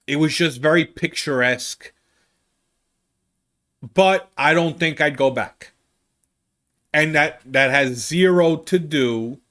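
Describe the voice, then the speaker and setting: A man, a comedian, telling a rambling travel story in an animated, casual way. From United States. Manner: animated, rambling, with big swings in pitch. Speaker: comedian host.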